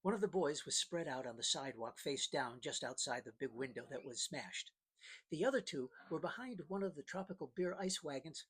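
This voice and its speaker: A man's voice: a little high, a bit bright, slightly rough. A man narrating a first-person novel in a dry, plain-spoken storytelling manner. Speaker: audiobook narrator.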